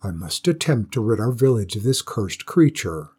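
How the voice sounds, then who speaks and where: A brave young healer maiden, read by a man in a spoken storybook. The voice is low, dark and a bit husky, and it stays steady and resolute throughout. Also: normal speed, exaggerated voice. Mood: determined.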